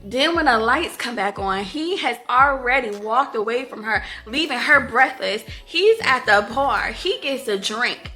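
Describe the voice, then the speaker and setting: A woman's voice: on the high side, expressive, unhurried, hardly any pauses, pushed and bright, soft background music. A young woman chatting casually to her viewers in a book review vlog, giggly and gushing, calling them y'all and honey.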